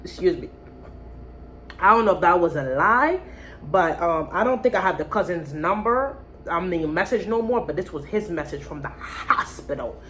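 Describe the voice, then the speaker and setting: A woman's voice: lowish voice, normal speed, a little hiss or hum. Blunt, cussing woman vlogger. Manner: blunt, profane, animated storytelling. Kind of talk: casual storytime.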